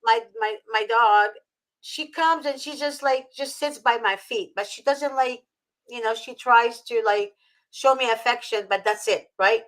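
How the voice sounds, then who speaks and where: A woman from Egypt hosts a casual chat in a slightly high voice. She gushes and gets emotional easily. Her sentences stumble and restart, full of fillers. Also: measured pace, a bit bright, poor audio. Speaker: host. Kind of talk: casual video-call chat.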